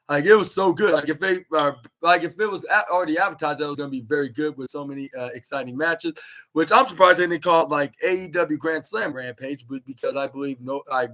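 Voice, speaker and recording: Rambling podcast host, slightly high voice. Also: male voice, bright, forceful tone. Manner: rambling, heavy on "like" and "this is where". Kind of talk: casual wrestling show recap.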